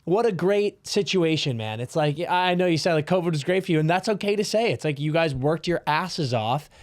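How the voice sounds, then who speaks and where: A man hosts a podcast in an easy, casual way and cheers on his guest with enthusiasm. His voice sits a little high for a man. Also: expressive, brisk. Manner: enthusiastic, encouraging. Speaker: podcast host. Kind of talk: casual chat.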